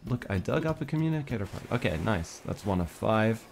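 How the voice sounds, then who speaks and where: A man streaming a game, chatting casually in an excitable, playful way and reading game text aloud. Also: lowish voice, a little slow, creaky, pauses often, slight background noise. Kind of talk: casual gameplay chat.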